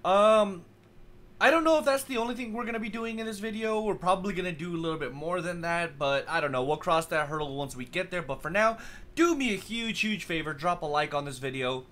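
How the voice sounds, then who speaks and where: Man, let's play host, casual commentary, bright tone, filler-heavy. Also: high voice, expressive, fairly quick, a little hiss or hum. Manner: hesitant, lots of ums, chuckling, talking back to game characters.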